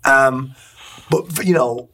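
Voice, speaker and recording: A man being interviewed as a guest, speaking candidly and reflectively, often halting and repeating words. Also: mid-range voice, bright, forceful tone.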